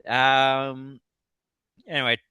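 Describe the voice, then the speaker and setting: A man, a guest author in a casual interview, telling animated stories and laughing often. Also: mid-range voice, drawn-out words, clear, resonant tone, no room sound. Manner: animated storyteller.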